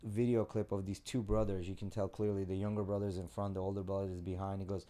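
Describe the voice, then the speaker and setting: Low-voiced man telling profane stories. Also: fast talker. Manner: profane, animated storytelling. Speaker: podcast co-host. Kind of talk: casual chat.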